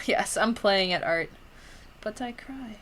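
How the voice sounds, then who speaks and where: A woman's voice: medium pitch, fairly bright tone. A tired young woman chats with her stream while editing photos at her desk. She giggles often and drifts into a Valley Girl lilt, filling her talk with "like.".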